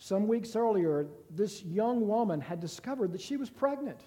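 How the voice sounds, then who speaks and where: Man reading a story out slow and somber, mellow high voice, big echo behind it. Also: animated. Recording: long reverb.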